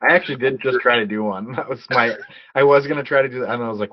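A man's voice: mid-range voice, fast, lo-fi sound, background noise. A man co-hosting a podcast, chatting casually about a film in an easygoing way, with hesitant restarts and frequent laughs. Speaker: podcast co-host. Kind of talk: casual movie review chat.

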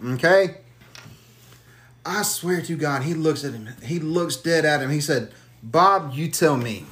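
Man, podcast host, casual chat, cursing storyteller, somewhat high voice. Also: unhurried. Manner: profane, animated storyteller.

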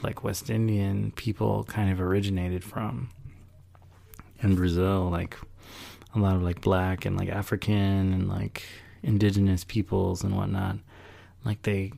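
A man's voice: deep voice, gravelly, dark tone. A man hosting a solo podcast, talking in a rambling, reflective way with sighs and small laughs. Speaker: podcast host. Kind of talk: casual solo podcast monologue.

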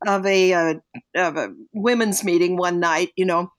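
A woman's voice: lowish voice, moderate pace. An older woman, a guest on a parenting podcast, telling stories in an earnest, reflective way. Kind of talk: podcast interview.

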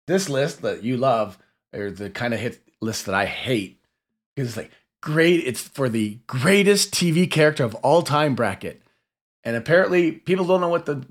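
A man co-hosts a casual podcast chat, wry and easily exasperated as he complains. His voice sits in an ordinary middle range. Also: mid-range voice. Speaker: podcast co-host.

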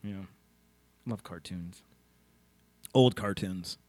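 A man's voice: sits low, extremely slow, darkish tone, dry recording. A man co-hosting a comedy podcast in casual chat, silly and laughing, often stammering and restarting his sentences. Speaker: podcast co-host.

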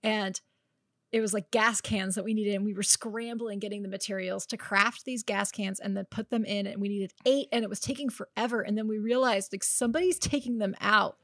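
A woman's voice: mid-range voice, fairly even intonation, a little fast, fairly bright tone, no room sound, clean studio sound. A young woman co-hosting a casual gaming podcast, telling stories animatedly with lots of "like" and laughter. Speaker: podcast co-host.

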